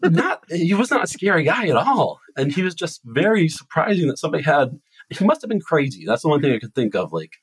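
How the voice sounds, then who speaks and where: Podcast host, man from Massachusetts; husky, very lively pitch, rambling teller. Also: no room sound, poor audio. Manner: rambling animated storytelling with restarts. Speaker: podcast host telling a story. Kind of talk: casual chat.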